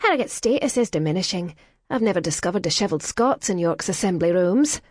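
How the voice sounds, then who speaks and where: A woman's voice: animated, quick pace, a little mellow, no echo, clean studio sound. A woman voicing a snobbish older society lady in an audiobook, with a prim, disapproving, raised voice. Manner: prim, disapproving, high-pitched.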